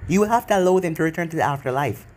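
A man voicing a cautious, blunt woman adviser in a read-aloud story, in an even reading tone. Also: on the high side, racing, close to an everyday voice. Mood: earnest.

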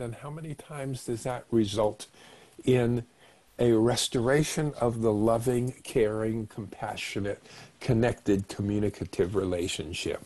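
An older man giving a slow, reflective webinar talk on relationships, now and then acting out short quoted exchanges. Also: mid-range voice, darkish tone. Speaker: doctor giving a meditation talk. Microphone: webinar microphone.

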